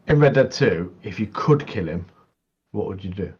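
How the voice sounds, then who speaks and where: A man's voice: lowish voice, lively intonation, moderate pace. A man co-hosting a casual gaming chat, laughing often and acting out little quotes. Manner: laughs often, acts out quotes, repeats words. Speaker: co-host. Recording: dull, lo-fi mic.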